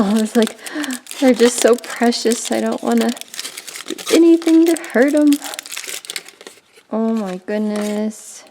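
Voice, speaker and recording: A woman hosts a casual unboxing vlog, her speech full of awed, breathless exclamations. Her voice carries a gravelly, fry-laced texture. She talks in a gushing, exclamatory way as each item comes out. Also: mid-range voice, a little mellow, a little hiss or hum. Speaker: art channel host.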